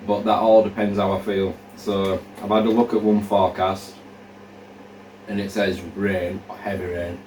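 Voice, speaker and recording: A man's voice: low-pitched, flat delivery, measured pace, a little mellow, recorded from a distance, slight background noise. A man, a hiker talking casually to camera and thinking aloud with plenty of fillers as he plans his route. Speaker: hiker vlogger. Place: indoors, room where he is drying socks under a fan. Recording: echoey room, voice off-mic.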